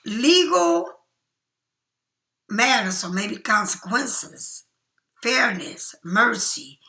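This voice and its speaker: Gravelly, bright-voiced chatty tarot reader woman. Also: on the high side. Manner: chatty, emphatic, slips into slow soft whispers. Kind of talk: casual spiritual tarot reading.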